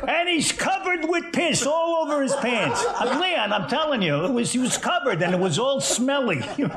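A man's voice: very high-pitched, sing-song, normal speed, over a noisy crowd, heavily acted. An actor playing a crude, boisterous old man who laughs and curses through a story in a TV drama. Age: older. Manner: loud, laughing, cursing, mimics a whiny child. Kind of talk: TV drama monologue.

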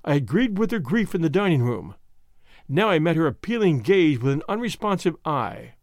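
A man reading a storybook aloud in scripted, expressive narration. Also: on the high side, normal speed, no echo, studio quality. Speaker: audiobook narrator.

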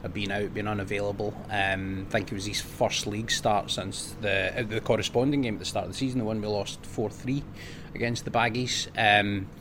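Scottish man with a lowish voice. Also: little pitch movement, fairly quick, noisy background. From Scotland. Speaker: sports journalist and guest. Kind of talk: casual football podcast chat. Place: café.

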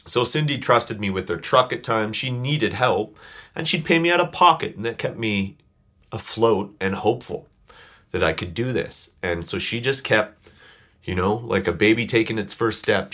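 A man's voice: lowish voice, lively intonation, moderate pace, a bit bright. A man telling a personal story as a podcast guest, earnest and a little choked up. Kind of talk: casual chat, personal storytelling.

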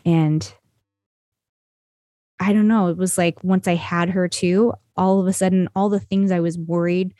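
Earnest, rambling woman with a low voice. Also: steady tone, unhurried, pauses often, dark tone, no room sound, clean studio sound. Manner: earnest, rambling, with frequent "you know" and "like". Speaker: podcast guest. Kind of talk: conversational storytelling.

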